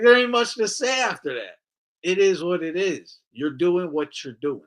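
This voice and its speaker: A man co-hosting a casual podcast, ranting in an animated way, swearing a lot and acting out what others said. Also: high-pitched, normal speed. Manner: animated, swears a lot, acts out quoted voices. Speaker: podcast co-host.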